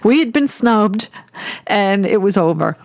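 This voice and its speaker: A woman casually telling a personal story, animated and acting out the voices of people she quotes. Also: medium pitch, a little slow, no room sound, studio quality. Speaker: storyteller recounting a personal memory.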